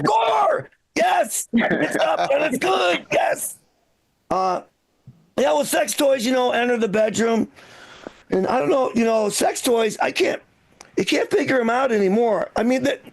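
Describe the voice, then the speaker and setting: An older man in his sixties with a strikingly high, gravelly voice works a comedy club stage as the night's emcee. He rambles through self-mocking bits, stumbling and restarting as he goes. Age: 60s. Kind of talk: live stand-up comedy set.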